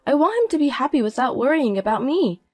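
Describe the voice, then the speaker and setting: A woman's voice: sits high, big pitch swings, fast, darkish tone, soft background music. A woman voicing a cool, mocking middle-aged mother. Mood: calm. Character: calm, proud mother of a grown son. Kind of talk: narrated audio drama.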